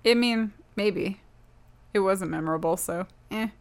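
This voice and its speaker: A woman co-hosting a podcast in casual chat, playful, with deadpan jokes. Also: mid-range voice, a little slow. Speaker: podcast co-host.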